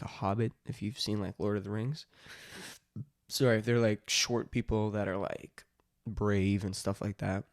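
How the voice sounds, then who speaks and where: Low, gravelly man rambling casually. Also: darkish tone, no echo, clean studio sound. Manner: rambling, full of "like" and restarts. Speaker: YouTuber and dungeon master. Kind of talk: casual vlog chat.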